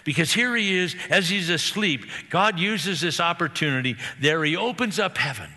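Man preacher, animated sermon storyteller, bright forceful tone, long hall reverb. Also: a little high, normal speed. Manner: animated, acts out the characters' lines.

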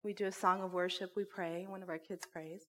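A woman who runs a church school, teaching a sermon and telling a personal story with animated, laughing delivery. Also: lowish voice, a little fast. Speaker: Bible teacher and school director.

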